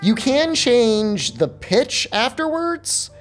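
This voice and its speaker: A male game streamer talking casually to his chat, loose and joking. His voice swings up and down with lively pitch, and faint music plays under him. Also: normal speed. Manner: chatty and loose, joking with viewers.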